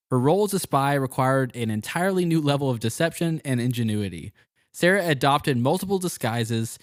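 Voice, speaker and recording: A man's voice: medium pitch, no echo, clean studio sound. A man hosting a casual history podcast, reading out narration and joking with his co-host. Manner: laughs easily, joking.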